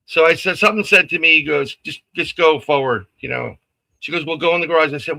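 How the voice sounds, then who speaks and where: On a live stream, a man with a slightly high, creaky voice talks fast as he casually tells a story. He animatedly acts out what the people in it said and laughs often, though the audio quality is poor.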